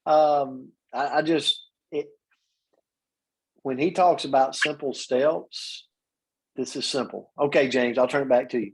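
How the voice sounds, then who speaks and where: A man's voice: mid-range voice, steady tone, measured pace, a little hiss or hum. A man hosting the session who praises the training he has just heard with gushing enthusiasm. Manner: gushing, emphatic. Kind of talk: enthusiastic commentary.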